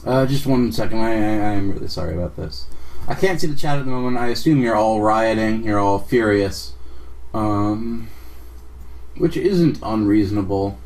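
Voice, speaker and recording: A man's voice: on the low side, normal speed, darkish tone. Flustered young man streaming, a bit distant. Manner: flustered, apologetic, swearing, self-mocking. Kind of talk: live game stream commentary. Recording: distant mic with faint music.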